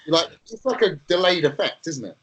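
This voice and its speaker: Lively, higher-pitched man. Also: fairly quick, a little hiss or hum, low-quality recording. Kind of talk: casual chat.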